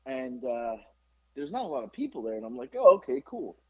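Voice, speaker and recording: A middle-aged man hosting a podcast, telling a story in casual chat, animated and profane with lots of fillers. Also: mid-range voice, fairly quick. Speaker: podcast host. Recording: dull lo-fi podcast recording.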